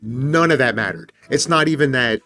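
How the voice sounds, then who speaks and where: A man hosting a podcast, retelling a film in a casual, animated way, swearing freely and acting out the characters' lines. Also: mid-range voice, normal speed, soft background music. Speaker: podcast host.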